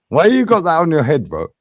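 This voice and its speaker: A man's voice: on the high side, no room sound. A man hosting a heated live fan stream, bantering, swearing and laughing often. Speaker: livestream host. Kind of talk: heated livestream fan debate.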